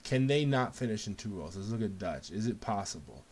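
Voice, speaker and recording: A man hosting a casual live game show, calling results in an excited, jokey way and laughing often. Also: on the low side, fairly quick, a crowd in the background. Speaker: host.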